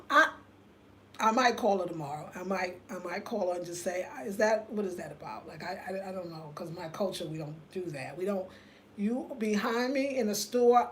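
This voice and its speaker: A woman, telling a story in a casual live chat, animated and laughing often, reading viewer comments aloud. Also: medium pitch. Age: 50s. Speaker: livestream host.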